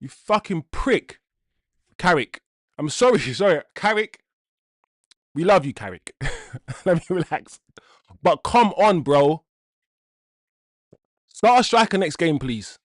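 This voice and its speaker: A man's voice: a little high, very animated, takes it slowly, long pauses, no room sound, studio quality. A man hosting a live football watch-along, ranting in exasperation, swearing and repeating himself as he vents. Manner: repeats himself while venting.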